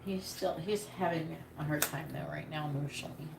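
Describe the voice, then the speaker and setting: A woman's voice: low voice, steady tone, fairly quick, creaky. A woman giving a live tarot reading in a casual, blunt way, swearing freely. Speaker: tarot reader. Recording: echoey room with noise.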